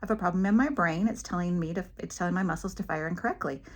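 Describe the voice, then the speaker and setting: A woman's voice: lowish voice, fast. A middle-aged woman vlogging casually about living with cervical dystonia, telling stories and acting out the voices of the people in them. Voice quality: head tremor from dystonia. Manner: chatty storytelling, acts out quoted voices. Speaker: vlogger with a movement disorder. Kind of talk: casual personal vlog.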